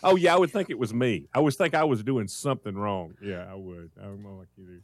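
A man co-hosting casual chat, telling stories in an animated way and laughing often. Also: fairly low pitch, fairly quick, no echo. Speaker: co-host. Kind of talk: casual storytelling.

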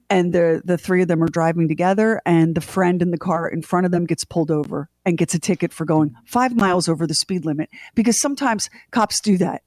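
A woman's voice: lowish voice, a little fast, few pauses, no echo, studio quality. A middle-aged woman co-hosting a morning radio show, retelling a family story dramatically with lots of restarts. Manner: animated, dramatic retelling with restarts and acted-out quotes. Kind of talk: casual on-air storytelling.

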